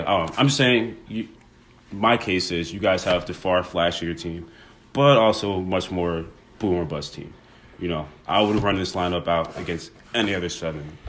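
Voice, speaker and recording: A man's voice: sits low, normal speed, a bit bright, a little hiss or hum. A man in casual sports podcast chat, teasing and arguing his point with lots of "you know" fillers. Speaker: podcast co-host.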